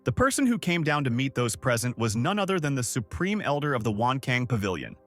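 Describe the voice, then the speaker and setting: A man's voice: mid-range voice, very animated, fairly quick, fairly bright tone. Dramatic male recap narrator over music. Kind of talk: scripted story recap narration. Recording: faint background music.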